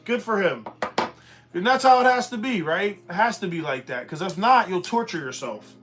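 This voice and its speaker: Bright, high-voiced man ranting profanely. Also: lively intonation, fairly quick, faint music behind. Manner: profane, blunt, rambling. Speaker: live stream host. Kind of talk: casual live stream rant.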